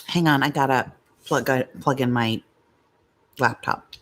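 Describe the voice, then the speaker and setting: A woman's voice: rumbling low, measured pace, fairly bright tone. A middle-aged woman vlogging from her home, chatting to viewers with rambling, confiding asides and stories. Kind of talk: chatty live vlog talking to viewers.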